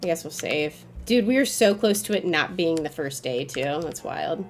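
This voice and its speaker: A young woman livestreaming a game, talking in a loose, casual way to her chat. She swears freely and mutters her thoughts as she plays. When things go wrong she jumps into loud, exasperated outbursts before settling back down. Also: low voice, expressive, moderate pace, a little hiss or hum. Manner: casual and chatty, swears, flares up loudly when frustrated. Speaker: streamer. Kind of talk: live gameplay commentary.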